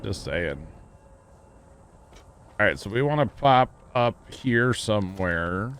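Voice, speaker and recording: Low-voiced man streaming a game. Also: expressive, slow pace, fairly bright tone, slight background noise. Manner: rambling, jokey, thinking aloud. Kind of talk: casual gameplay livestream chat.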